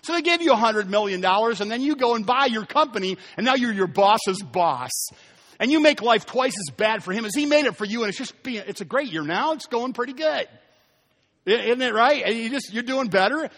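A man delivers a sermon in a church. His voice sits high, and he tells his stories in an animated way, acting out the people in them. A long hall reverb trails after every phrase. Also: fairly quick. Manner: animated storytelling, voices quoted characters. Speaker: pastor. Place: church sanctuary.

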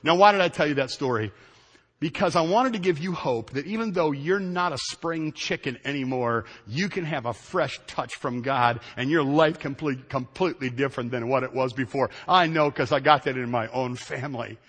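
Guy preaching, tells stories, repeats himself for emphasis, slightly high voice, long church-hall echo. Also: normal speed. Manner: storytelling, animated, repeats phrases for emphasis. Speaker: pastor. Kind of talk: sermon.

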